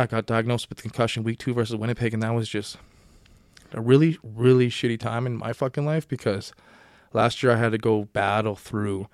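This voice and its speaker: A man's voice: medium pitch, dry recording, clean studio sound. A young man hosting a podcast, telling a long story in a casual, profane, rambling way and acting out his own past words. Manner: profane, rambling, animated when quoting himself. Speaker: podcast host and football player.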